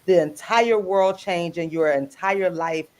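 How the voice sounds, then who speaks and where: A woman co-hosting a radio talk show in casual, animated banter, laughing easily and greeting listeners by name. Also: lowish voice, a little slow. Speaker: radio show guest co-host.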